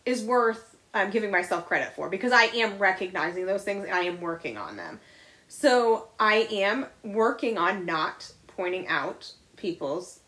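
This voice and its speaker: A woman's voice: mid-range voice, fairly bright tone. Blunt, confessional woman podcaster. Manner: blunt and confessional, swears freely. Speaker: podcast co-host. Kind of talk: candid casual chat.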